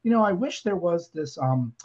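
A man hosting a podcast, telling jokey stories and acting out quotes in an animated way. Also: a little high, normal speed, breathy edge. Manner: animated, joking storyteller who acts out quotes. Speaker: podcast host. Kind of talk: casual podcast chat. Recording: dull lo-fi audio.

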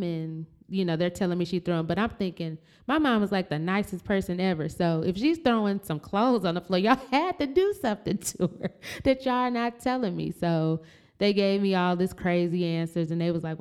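A woman's voice: fairly low pitch, fairly quick, smooth. A woman telling a family story in casual chat, acting out heated quotes and swearing freely. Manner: animated, swears, acts out shouted quotes.

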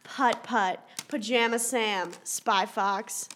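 A woman's voice: on the high side, fairly even intonation, slow, fairly bright tone, slight background noise. A young woman co-hosting a casual chat, playful and laughing as she recounts old games. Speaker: podcast co-host. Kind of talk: casual chat among friends.

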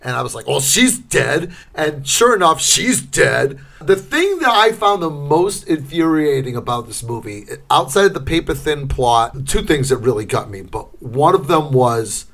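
Man, middle-aged, podcast co-host, casual chat, animated, fairly high voice. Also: moderate pace, few pauses. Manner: animated, acts out scenes in loud shouting bursts.

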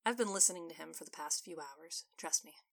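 A woman voicing an easygoing male restaurant owner who talks casually and gives staff quick orders. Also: low-pitched, gravelly, a bit bright, exaggerated voice. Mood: puzzled.

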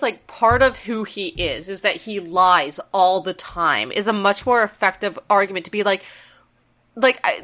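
A woman co-hosting a podcast, chatting playfully and laughing easily. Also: medium pitch. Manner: animated, giggly, playful. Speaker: podcast co-host. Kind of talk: casual chat recapping a cartoon.

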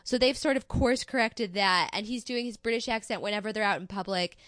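A young woman co-hosting a podcast, giving a wry, sarcastic critique of a TV show in quick bursts. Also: medium pitch, a bit bright, no room sound, clean studio sound. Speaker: podcast co-host. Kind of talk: casual chat reviewing a TV show.

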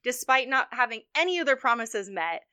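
Bright-voiced woman ranting heatedly. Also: on the high side, expressive, fairly quick, clear, resonant tone. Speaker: podcast co-host. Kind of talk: casual political chat.

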